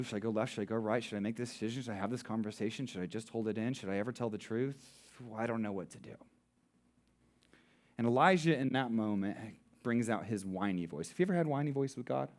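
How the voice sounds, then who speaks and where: A married man who preaches as a pastor, posing rhetorical questions and slowing down for emphasis. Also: fairly low pitch, a little mellow. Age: adult, married. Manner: rhetorical questions, dramatic slowing on key words. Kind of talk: sermon.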